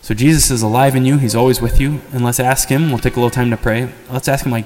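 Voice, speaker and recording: A man's voice: medium pitch, steady tone, fast talker, few pauses, a little mellow, a little hiss or hum. Male parish priest, conversational earnest sermon, long church reverb.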